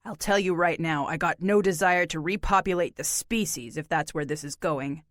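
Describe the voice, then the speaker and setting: A woman's voice: deep voice, normal speed, no room sound, clean studio sound, voice pushed down, close to an everyday voice. A woman reading an audiobook voices a blunt, laconic grown man who speaks in clipped, folksy sentences. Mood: flat, blunt. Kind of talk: audiobook character voice.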